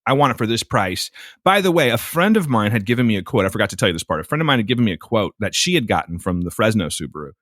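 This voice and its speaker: Racing through his story, a male podcast co-host with a fairly low pitch sounds exasperated and swears freely. His storytelling is animated and casual, captured dry at studio quality.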